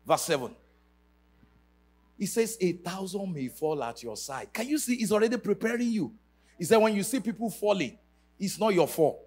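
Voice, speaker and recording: A man's voice: high-pitched, big pitch swings, moderate pace, darkish tone. A man preaching a sermon to a church congregation, emphatic and sing-song, leading call-and-response. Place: church service.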